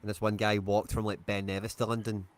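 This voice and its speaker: Low-voiced Scottish man telling stories. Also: little pitch movement, fast. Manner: chatty storyteller, says "aye". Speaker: streamer host. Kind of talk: casual livestream chat.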